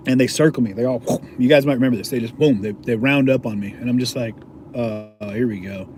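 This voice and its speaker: A man's voice: medium pitch, fast talker, darkish tone, slight background noise. A man, an independent video journalist, casually telling a story to his viewers in a slangy, laid-back way, chuckling often.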